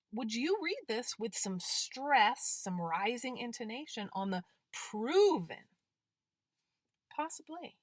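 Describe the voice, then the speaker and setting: A woman's voice: on the high side, very animated, no echo. A woman grammar instructor giving a recorded lecture, working through examples step by step. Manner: deliberate, explaining with worked examples.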